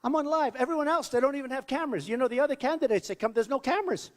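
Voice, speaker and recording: A man's voice: very high voice, racing. A man in his sixties from New York, giving a rambling, boastful campaign rally speech full of repeated asides in a large hall. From New York, United States. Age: 60s. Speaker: political candidate.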